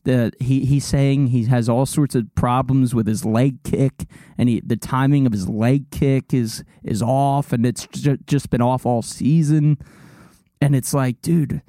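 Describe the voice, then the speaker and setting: A man's voice: medium pitch, warm tone, no room sound, studio quality. A young man co-hosting a casual sports chat, rambling and laughing as he talks. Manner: rambling, laughs often, mocking put-on voices. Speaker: podcast co-host.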